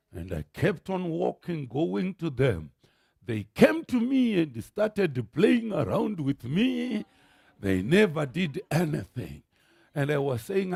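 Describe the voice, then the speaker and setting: A man with a Zimbabwean accent preaching a sermon as pastor, telling stories with animated energy and rising to shouts. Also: on the high side, slow, gravelly, breathy edge, no echo, clean studio sound. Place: church.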